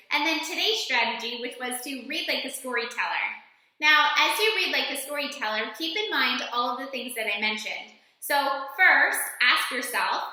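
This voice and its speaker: A woman teacher giving a recorded lesson to young students, with clear, encouraging instructions. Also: high voice, pushed and bright, heavy reverb, poor audio.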